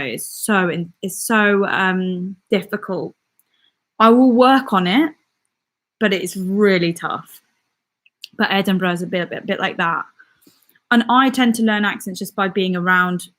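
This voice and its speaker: A young woman from the West Midlands of England, a YouTuber and comedian with a mixed West Midlands and southern English accent, chats casually while answering viewer comments on a live stream. Her voice is medium-pitched and a bit bright, and she laughs often.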